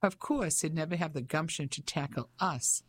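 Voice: mid-range voice, moderate pace, husky, natural voice. An audiobook narrator voicing a blustering older English colonel, pompous and dismissive. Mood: smug.

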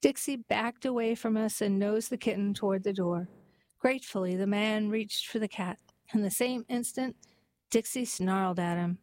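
A woman narrating a heartwarming story and then reading a poem aloud in a gentle, even storytelling manner. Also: mid-range voice, moderate pace, low-quality recording.

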